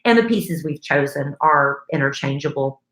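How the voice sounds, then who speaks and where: A woman's voice: low-pitched, animated, moderate pace, fairly bright tone, echoey room. A woman in her forties co-hosting a casual podcast, stuffed up from a cold and venting frankly about her teenager. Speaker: podcast co-host. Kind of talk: casual chat.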